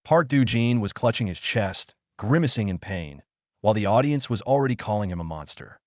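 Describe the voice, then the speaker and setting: A man's voice: fairly low pitch, lively intonation, a little fast, dry recording, clean studio sound. A man narrating a webcomic recap in a punchy, hype-driven style.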